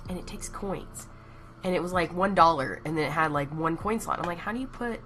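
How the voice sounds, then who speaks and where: A woman's voice: on the low side, pushed and bright. A young Texan woman chatting casually and rambling on a live stream, laughing at herself as she goes. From Texas.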